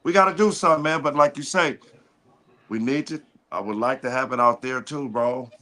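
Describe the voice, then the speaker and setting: A man talking on a live stream in a blunt, emphatic way, swearing freely as he makes his point. His voice is bright and punchy, with a middle-range pitch. The delivery is casual and heated. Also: brisk. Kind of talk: casual chat.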